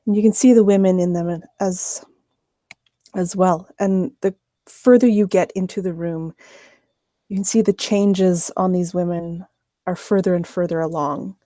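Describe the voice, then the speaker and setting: A woman's voice: on the low side, mellow, no room sound. A woman narrating as game master of a tabletop game, sometimes hesitant as she searches for words.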